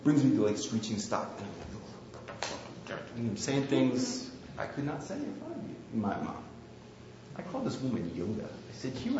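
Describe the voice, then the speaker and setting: A man's voice: mid-range voice, noisy background. Candid preaching man in echoey hall. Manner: candid, self-deprecating storytelling. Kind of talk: sermon with personal anecdote. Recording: very echoey, slightly dull room recording.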